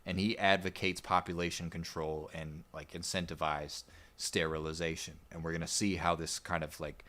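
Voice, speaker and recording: A man co-hosting a history podcast, recounting events in a relaxed, rambling way with plenty of "like" and "I guess". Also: deep voice, moderate pace. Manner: relaxed, rambling storyteller with fillers. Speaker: podcast co-host. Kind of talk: casual history podcast narration.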